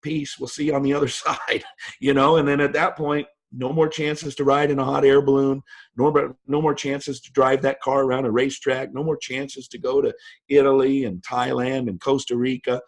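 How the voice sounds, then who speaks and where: Man, 50s, husky voice, emphatic storyteller, motivational interview guest. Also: mid-range voice, level tone, normal speed. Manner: emphatic storyteller, voice jumps up for quoted lines. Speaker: guest speaker.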